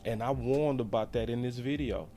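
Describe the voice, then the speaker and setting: A man hosting a sports channel, talking excitedly, repeating himself and throwing in mocking exclamations. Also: medium pitch, moderate pace, faint music behind. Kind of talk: animated live-stream commentary.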